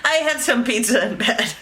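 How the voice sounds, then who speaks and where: A woman's voice: high-pitched, noisy background. A woman co-hosting a comedy news show, chatting casually in a playful, giggly, self-mocking way.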